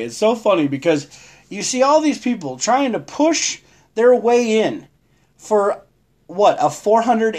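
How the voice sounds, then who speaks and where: Here a man runs a laid-back live stream, drifting between talk of holidays and shopping while greeting viewers by name and laughing a lot. His pitch is high and his tone darkish.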